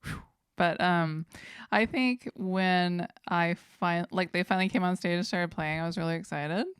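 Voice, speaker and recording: Low, smooth-voiced woman podcast host. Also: moderate pace, no echo, studio quality. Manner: relaxed, rambling storytelling with many fillers. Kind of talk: casual podcast chat.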